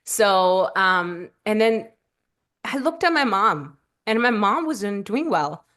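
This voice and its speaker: A woman guest on a podcast telling a personal story, halting and tearful at times, her voice lifting when she quotes her own thoughts. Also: medium pitch, big pitch swings, fairly bright tone. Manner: halting, with fillers and restarts, voice rising in quoted self-talk.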